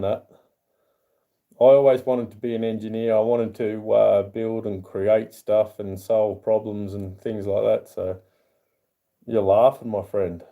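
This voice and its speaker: An Australian man hosting a casual livestream, chatting and reading chat aloud. He greets viewers in a raised, higher voice. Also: mellow. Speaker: livestream host.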